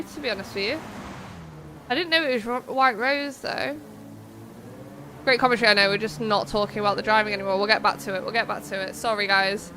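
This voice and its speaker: A woman's voice: medium pitch, a little fast, bright, forceful tone, slight background noise. A young woman hosting a live stream of a racing game, chatting casually, wandering off on tangents and reading out viewers' messages. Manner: chatty, rambling, reads chat aloud. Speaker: streamer and race host.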